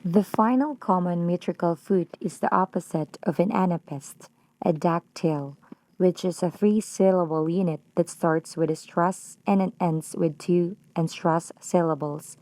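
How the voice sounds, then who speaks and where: A woman with a Filipino accent reads a prepared lesson at a slow, deliberate pace. Her voice sits a little low and mellow, recorded dry and close. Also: no room sound. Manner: slow, careful, deliberate reading. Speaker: student presenter.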